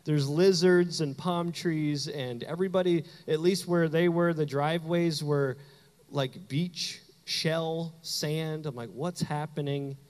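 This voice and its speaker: A man from Canada preaching a sermon, telling a personal story with animated delivery and acted-out quotes. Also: a little high, takes it slowly, big-room sound. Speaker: pastor.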